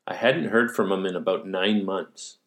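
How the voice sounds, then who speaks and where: A man interviewing an old colleague in a relaxed chat, rambling through memories with many restarts and fillers. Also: low-pitched, moderate pace. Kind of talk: casual conversation.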